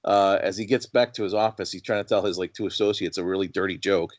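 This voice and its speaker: A man's voice: deep voice, fairly even intonation, fast talker, dry recording. A man co-hosting a podcast in casual film discussion, recounting scenes in a conversational, analytical way. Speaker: podcast co-host.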